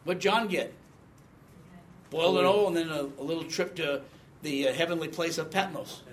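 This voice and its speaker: A man's voice: fairly high pitch, moderate pace, slight background noise. A man in his sixties giving a conversational Bible teaching, quizzing the class and reading scripture with emphasis. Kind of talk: teaching sermon with audience questions.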